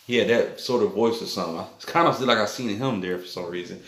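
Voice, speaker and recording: A man's voice: on the low side, quick pace, fairly bright tone. A man recounting a vivid dream in a rambling, repetitive way, full of loose fillers. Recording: echoey room.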